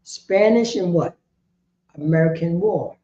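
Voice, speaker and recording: A woman's voice: on the low side, measured pace, dark tone. A woman leading an informal group lesson, quizzing her listeners and often asking "you know what I'm saying?". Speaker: class leader. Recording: echoey room, dull muffled sound.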